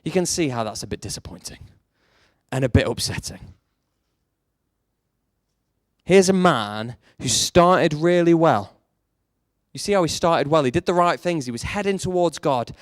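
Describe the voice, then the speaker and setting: A man preaching a sermon with animated storytelling that swings between hushed and emphatic. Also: on the high side, moderate pace, no echo, studio quality.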